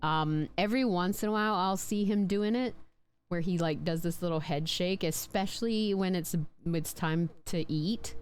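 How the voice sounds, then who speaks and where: A woman's voice: fairly low pitch, moderate pace, clear, resonant tone, soft background music. A woman on a casual live stream, chatting playfully about her pet snakes and now and then putting on silly voices for them. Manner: chatty, playful, talks with lots of likes and restarts.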